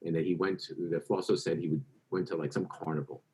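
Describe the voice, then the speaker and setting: A man's voice: deep voice, fairly even intonation, quick pace, darkish tone, poor audio. A man speaking as a guest author in an interview, telling anecdotes at length and correcting himself as he goes. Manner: rambling anecdotal, self-correcting. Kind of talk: conversational interview storytelling.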